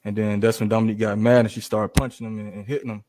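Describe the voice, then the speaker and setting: A young man testifying in court, hesitant and halting, with many restarts. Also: fairly low pitch, little pitch movement, noisy background. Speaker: trial witness.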